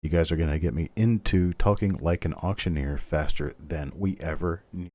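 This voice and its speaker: A man's voice: extremely low pitch, normal speed, mellow, no echo. A middle-aged man hosting a live online coin auction, calling bids steadily and chatting between lots. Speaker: auctioneer host.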